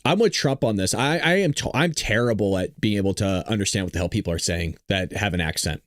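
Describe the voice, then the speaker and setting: A man's voice: lowish voice, fast talker, no room sound, studio quality. A male show host giving casual live-stream commentary, rambling and joking with an exasperated edge.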